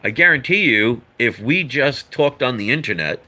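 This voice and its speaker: Male vlogger, earnest and preachy, bright tense voice, mid pitch. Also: expressive, moderate pace. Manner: earnest, lecturing, rambling with asides. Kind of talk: opinion monologue to camera.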